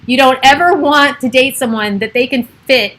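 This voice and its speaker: A woman's voice: sits high, normal speed, fairly bright tone, poor audio. Chatty middle-aged woman livestreaming from home. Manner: chatty, rambling, laughs often. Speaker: livestream host. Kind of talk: casual chat on a livestream. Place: home with children and pets around.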